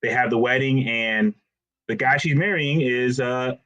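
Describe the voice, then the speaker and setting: A man of middle pitch jokes his way through a casual show recap. His delivery is wry and loose, with quick asides. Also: fairly bright tone, highs cut off. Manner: joking, wry. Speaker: podcast co-host.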